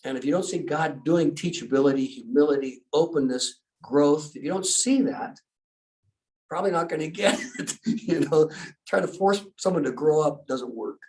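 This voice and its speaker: A man's voice: on the high side, normal speed, darkish tone. A man telling a story casually in conversation, laughing as he goes and acting out the other people's lines. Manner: chatty, laughs while telling stories, acts out dialogue. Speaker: guest speaker. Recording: distant from the mic.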